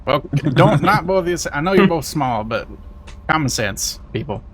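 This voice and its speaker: A man's voice: on the high side, expressive, moderate pace, a bit bright, a little hiss or hum. A man playing a brash, bossy male prison guard in a tabletop game. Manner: bossy, blustering.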